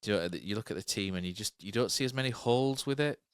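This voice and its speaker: Thinking aloud over a casual football chat, a podcast co-host talks fast in a smooth, lowish voice, loose and rambling, full of fillers and tag questions. There's no echo, and the sound is dry and close.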